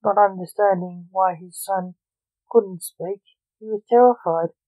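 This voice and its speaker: A narrator reading an audiobook story in a slow, even delivery. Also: mid-range voice, dry recording. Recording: narrow phone-like sound.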